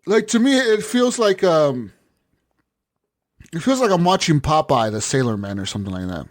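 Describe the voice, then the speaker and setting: A man's voice: fairly high pitch, big pitch swings, moderate pace. A man hosting a gaming podcast, laughing often and swearing in casual banter. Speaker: podcast host. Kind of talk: casual chat.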